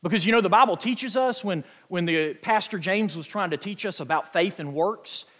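A man preaching a sermon, emphatic and quoting scripture, stretching key words out slowly for weight. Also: high-pitched, fairly bright tone. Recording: long hall reverb.

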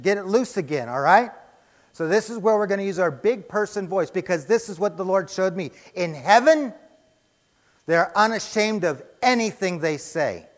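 A man preaching a sermon to a congregation, emphatic and pausing to answer his own rhetorical questions. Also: high-pitched, in a large hall. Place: church sanctuary.

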